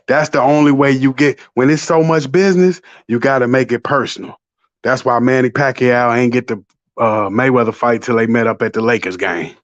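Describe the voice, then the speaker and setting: A man's voice: mid-range voice, fairly even intonation, normal speed. A man chatting casually as co-host, laid-back and explaining things in slang. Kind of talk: casual chat. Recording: dull lo-fi sound.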